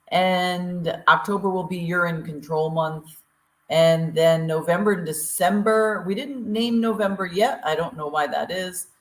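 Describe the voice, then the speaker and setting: A woman's voice: fairly low pitch, reverberant. A woman co-hosting a talk show, chatty and upbeat with lots of fillers, from Eastern Tennessee. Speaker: podcast co-host. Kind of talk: casual show opening and announcements.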